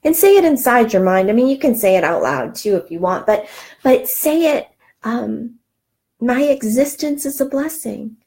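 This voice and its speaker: A woman's voice: on the high side, big pitch swings, normal speed, darkish tone, husky. A middle-aged woman giving an earnest, encouraging self-help talk, with frequent ums and restarts. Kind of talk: motivational talk.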